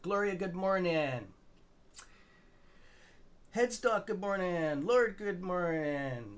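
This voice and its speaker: Rambling Canadian man, slightly high voice. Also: lively intonation, takes it slowly, pauses often, clear, resonant tone. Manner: rambling, loose and friendly, greets viewers by name, says "man" and "bro". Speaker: stock trading livestream host. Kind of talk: casual livestream chat.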